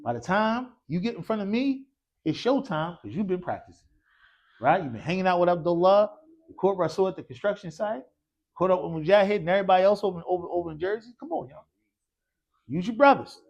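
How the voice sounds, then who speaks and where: A man's voice: high voice, animated, brisk, gravelly, darkish tone, highs cut off. A man teaching an Arabic class in a mosque classroom, leading call-and-response drills and quizzing students with casual, encouraging prompts.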